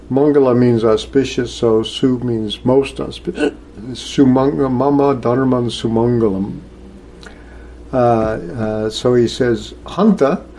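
Slow, halting male scripture teacher. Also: medium pitch, warm tone, slight background noise. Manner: slow, halting, many filler sounds. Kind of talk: lecture on scripture.

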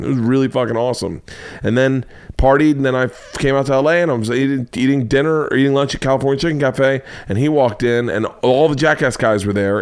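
With a clean, medium-pitched voice, a middle-aged man hosting his own podcast spins rambling, profane stories. His comedic monologue is loose and animatedly told.

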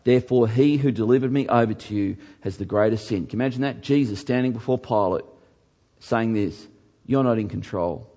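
A middle-aged man delivers a sermon in a mid-pitched voice. He speaks earnestly and with emphasis, often circling back to repeat a word or phrase for weight. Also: brisk, dark tone. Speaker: pastor.

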